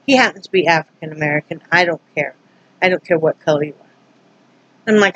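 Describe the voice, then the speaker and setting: A woman's voice: fairly low pitch, fairly quick, low-quality recording. A woman from Wyoming telling a story to her camera in a casual, rambling way, acting out both sides of a tense encounter with many restarts. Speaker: vlogger.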